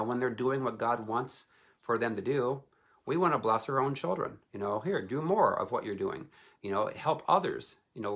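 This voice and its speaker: Gravelly-voiced man praying earnestly. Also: medium pitch, a bit bright. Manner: earnest, repetitive praying, frequent "you know". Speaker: deliverance minister. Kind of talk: live-streamed prayer and teaching.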